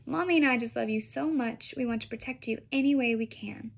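A woman's voice: a little high, brisk, vocal fry. A woman reading aloud, voicing a loving father who teases and jokes playfully. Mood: joking. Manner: playful, teasing. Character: jokey, loving father of a young boy.

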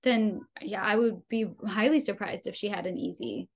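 A young adult woman, a podcast guest, telling a personal birth story with animated delivery, often laughing and acting out dialogue. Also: mid-range voice, moderate pace.

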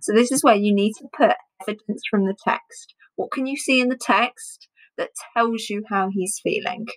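A woman teacher explaining a reading comprehension task to primary pupils, chatty with pauses and fillers. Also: medium pitch, rough recording. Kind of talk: home learning reading lesson.

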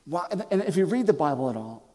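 A man preaching a sermon as pastor, impassioned, swinging from loud emphasis to hushed near-whispers and often restarting his words. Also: on the high side, very animated, fast talker. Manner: repeats and restarts words as he speaks. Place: church sanctuary. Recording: long reverb of a large church hall.

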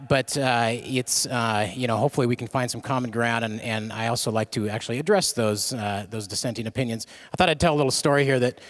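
A man's voice: mid-range voice, no echo. Dry-sounding man giving a conference talk. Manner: conversational, self-deprecating storyteller with frequent fillers. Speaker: conference speaker, company co-founder. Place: conference session room.

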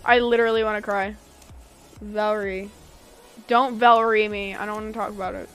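A woman's voice: mid-range voice, a little fast, clear, resonant tone, faint music behind, rough recording. A young woman streaming a video game live, chatting with viewers and breaking into exasperated outbursts as she plays. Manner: expressive, exasperated outbursts while playing. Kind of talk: casual live game commentary.

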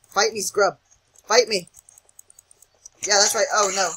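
A man's voice: sits high, animated, moderate pace, long pauses, bright, forceful tone, breathy edge, low-quality recording. A young man giving casual commentary over a video game, jittery and self-mocking, often chanting words over and over in a sing-song. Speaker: gaming channel host.

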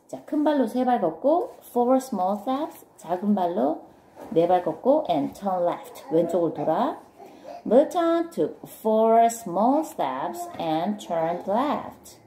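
Animated woman teacher reading aloud. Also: mid-range voice. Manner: animated, slow and clear. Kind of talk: reading a picture book aloud to a child, translating lines into Korean. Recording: echoey room with faint noise.

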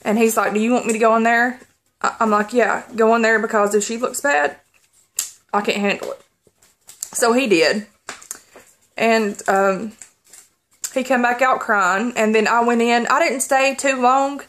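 Tearful woman telling a story haltingly. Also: on the high side, a bit bright. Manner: halting, rambling, many pauses and restarts. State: holding back tears. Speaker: vlogger. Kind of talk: personal story to camera.

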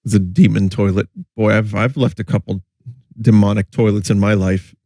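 A man's voice: lowish voice, steady tone, normal speed, dark tone, no echo, clean studio sound. Sick man joking over commercials. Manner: wry, joking asides. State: sick, voice affected. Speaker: streamer reacting to commercials. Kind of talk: casual live commentary.

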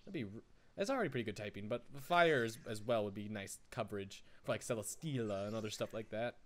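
A man giving casual, excitable let's-play commentary, rambling with frequent stammered restarts. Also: fairly low pitch, quick pace. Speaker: gaming YouTuber.

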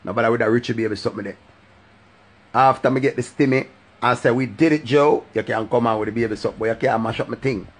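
A Jamaican man hosting his own live stream, ranting loosely in patois. His voice sits at a middling pitch and swings up into a sing-song refrain whenever he repeats his catchphrase. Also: fairly even intonation, fast, slightly rough. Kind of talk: casual live-stream rant.

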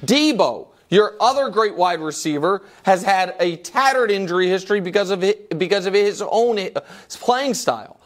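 A man's voice: high-pitched, lively intonation, moderate pace, hardly any pauses, soft background music. A man co-hosting a sports debate show, arguing his point emphatically and cutting in often, in a TV studio. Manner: emphatic, argumentative, interrupts often.

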